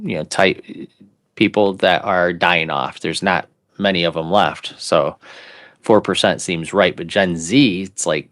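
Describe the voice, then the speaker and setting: A man's voice: sits low, steady tone, measured pace, fairly bright tone. A man in his fifties co-hosting a casual chat, reading articles aloud in a mock announcer voice and adding joking asides. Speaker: co-host.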